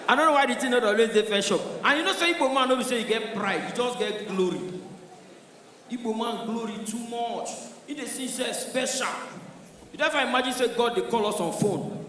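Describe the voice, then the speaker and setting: A male stand-up comedian with a Nigerian Pidgin accent tells animated stories at a fairly quick pace, slipping into character voices. His voice sits fairly high for a man, and he sounds far away with a long hall echo in a large live comedy venue.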